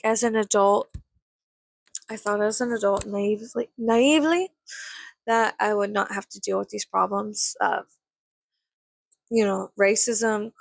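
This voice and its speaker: A woman's voice: on the high side, vocal fry, no room sound. A tired young woman ranting casually about family, blunt, profane and sarcastic, sometimes muttering asides under her breath. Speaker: vlogger. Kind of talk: casual storytime rant.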